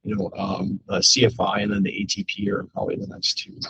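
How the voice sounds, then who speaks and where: A man instructing a class in a casual, halting way with many fillers. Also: lowish voice, completely flat delivery, gravelly, noisy background.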